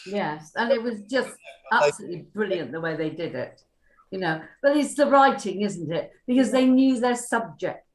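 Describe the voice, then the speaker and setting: An older woman with a Welsh accent, an actress telling lively anecdotes at a reunion panel. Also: mid-range voice, normal speed. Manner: lively storyteller, acts out quotes. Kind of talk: anecdotal casual chat. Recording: echoey room.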